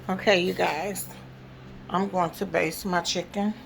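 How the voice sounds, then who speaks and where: A woman with a gravelly, slightly low voice walks viewers through a home-cooked meal. She chats casually and keeps checking in with her audience. Faint kitchen noise sits behind her. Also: fairly even intonation, unhurried. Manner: chatty, addresses viewers, frequent "okay?" check-ins. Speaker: cooking vlogger. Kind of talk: casual cooking demonstration.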